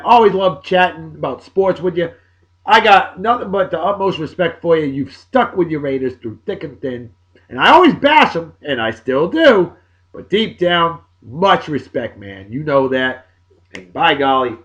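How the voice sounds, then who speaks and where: Animated jokey man. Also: a little high, moderate pace, muffled recording. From Massachusetts, USA. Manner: jokey, animated, swinging between loud bursts and mumbled asides. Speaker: video blog host. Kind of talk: casual birthday shout-outs.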